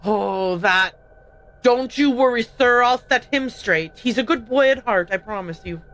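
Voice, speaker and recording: A woman's voice: a little high, animated, moderate pace, a bit bright. A woman voicing a devout, kindly female cook and housekeeper, speaking politely with a put-on accent she admits is not very good. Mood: reassuring. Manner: polite, deferential, says sir often.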